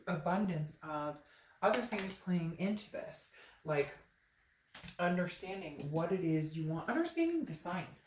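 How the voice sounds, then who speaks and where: A woman's voice: low-pitched, darkish tone. A woman giving a casual, chatty tarot reading to camera, talking emphatically and straight to her viewers. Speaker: tarot reader. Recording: roomy echo, faint background noise.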